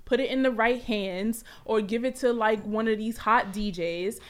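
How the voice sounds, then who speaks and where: Animated woman podcast guest. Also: on the high side, normal speed. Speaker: podcast guest, media personality. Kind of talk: casual chat.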